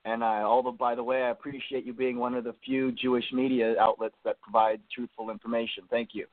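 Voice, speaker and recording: A male caller from California leaves a short, halting message. His voice stays flat and dry. It comes through a narrow, phone-like line. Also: medium pitch, no echo. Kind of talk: call-in radio message.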